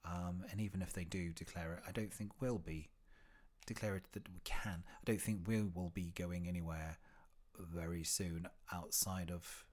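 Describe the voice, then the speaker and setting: Podcast host, male, very low pitch, rambling and chatty delivery. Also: fairly even intonation, normal speed, darkish tone. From United Kingdom. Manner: rambling and chatty, with frequent fillers and restarts. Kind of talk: casual solo podcast recommendations.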